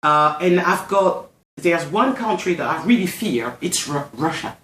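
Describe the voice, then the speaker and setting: A woman's voice: lowish voice, animated, unhurried, a bit bright, reverberant, a little hiss or hum. A woman from France with a French accent, talking in a casual discussion and often searching for her words. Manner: hesitant, searching for words, many restarts.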